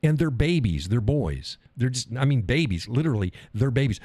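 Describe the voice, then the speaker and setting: A man's voice: mid-range voice, sing-song, normal speed, a little mellow, husky, dry recording. A middle-aged man hosting a live stream, talking casually in a blunt, profane way and laughing often. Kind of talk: casual opinionated monologue.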